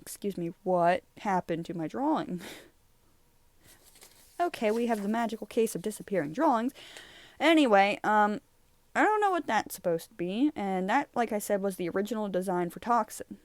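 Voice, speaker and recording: Her voice is mid-range and expressive, at a normal speed. In a casual chat, this young YouTuber looks back over her old drawings, rambling and giggling as she drifts off topic easily.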